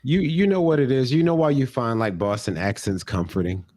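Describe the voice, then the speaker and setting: A man's voice: mid-range voice, brisk. A young man co-hosting a comedy podcast, talking casually with profanity and jokey mock rants. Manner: profane, joking, slips into loud mock rants. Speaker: podcast co-host.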